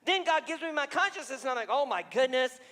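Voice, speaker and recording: A man preacher voicing a brash, boastful young male king who mocks and shouts his pride. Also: very high-pitched, expressive, fast talker, pitched above the performer's own voice, full character voice. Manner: brash, mocking, loud. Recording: reverberant hall.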